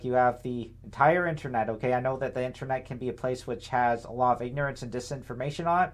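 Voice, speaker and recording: A young man giving a casual political commentary monologue, rambling and indignant, full of fillers and tag questions. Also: mid-range voice. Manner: sarcastic, indignant.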